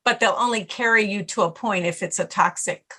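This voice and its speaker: A middle-aged woman speaking as a podcast guest on stress management, telling stories in an animated way and acting out her own inner voice. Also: mid-range voice, brisk. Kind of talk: casual interview talk.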